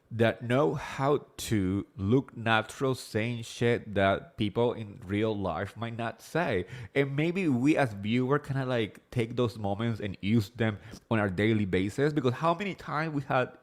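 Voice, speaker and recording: A man with an accent hosting a casual live recap chat, rambling quickly with lots of fillers and swearing freely. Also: medium pitch. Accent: non-native English accent. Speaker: host of a reality TV recap show.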